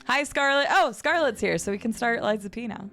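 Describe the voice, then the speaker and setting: A woman streamer chatting casually with her viewers. She has a low vocal fry at the ends of her phrases, rambles, and laughs often. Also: lively intonation, a little fast, fairly bright tone, soft background music. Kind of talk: casual live-stream chat, reading and answering chat. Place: home streaming setup.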